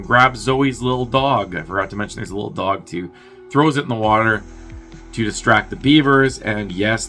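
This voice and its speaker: On his movie review show, a low-voiced man with a sharp edge runs through a film's story casually, cursing freely and saying "like" constantly. Now and then he slips into quick impressions of the characters' dialogue.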